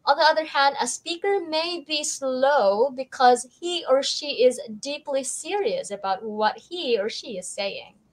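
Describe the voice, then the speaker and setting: A woman's voice: high-pitched, lively intonation, measured pace, few pauses. A woman with a Filipino accent co-hosting a lesson, explaining things in a friendly way and reading viewer comments. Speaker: teacher co-host. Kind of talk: taglish lesson discussion.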